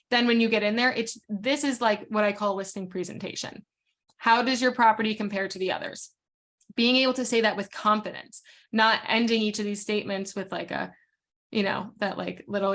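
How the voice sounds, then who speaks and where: A woman leading a casual training session as a real estate coach. She is frank and talks quickly, full of fillers and restarts. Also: medium pitch, fairly bright tone.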